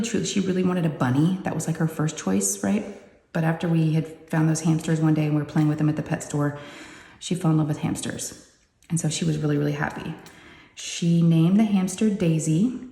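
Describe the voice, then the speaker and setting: A woman hosts a casual vlog, chatting along at length with plenty of friendly asides. Her voice sits a little low and sounds soft and mellow. The room around her gives a noticeable echo. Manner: rambling and chatty, full of "you know" asides. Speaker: craft channel host. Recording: roomy echoey room.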